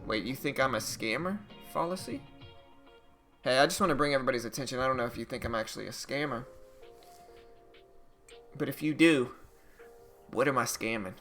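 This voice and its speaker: A man hosting a casual day-trading live stream, reading market news and reacting to stocks in a chatty, animated way. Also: medium pitch, a little fast, pauses often, soft background music.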